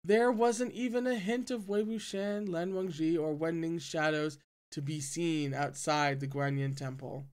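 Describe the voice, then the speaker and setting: A reader narrating a novel aloud in an even, steady way, with quiet asides between chapters. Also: medium pitch, a little slow. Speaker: audiobook reader.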